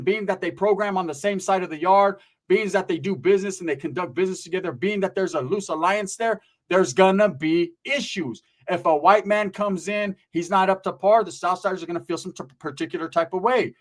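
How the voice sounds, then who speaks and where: A man's voice: high voice, a little fast. A man hosting a channel, telling casual stories about prison life in blunt, profane street slang and checking in often with "right?". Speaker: channel host and storyteller.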